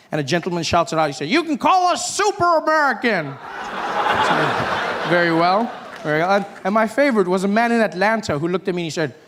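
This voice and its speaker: Animated stand-up comedian, live stage. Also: male voice, high voice. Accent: South African. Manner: animated, acts out characters with shouting voices. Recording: stage mic with audience noise.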